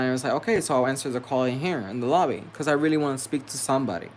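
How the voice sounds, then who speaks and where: A man's voice: medium pitch, racing, few pauses, a little hiss or hum. A man venting to camera in a vlog, angry and profane, repeating himself as he rants. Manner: heated, profane, repetitive venting. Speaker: vlogger.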